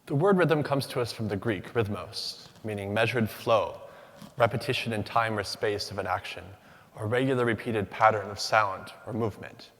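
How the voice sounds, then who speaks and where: A man giving a rehearsed academic talk from a stage, with rhythmic, measured delivery and deliberate pauses. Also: lowish voice, fairly bright tone. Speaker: doctoral student speaker. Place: large hall. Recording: long hall reverb.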